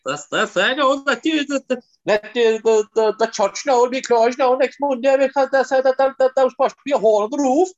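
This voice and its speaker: A man voicing a nosy, chatty old rural man with a Kerry accent, his voice raised high and full of stammered repeats. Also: fairly quick, hardly any pauses, dull audio. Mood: newsy. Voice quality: shrill and stammering, lots of repeated words.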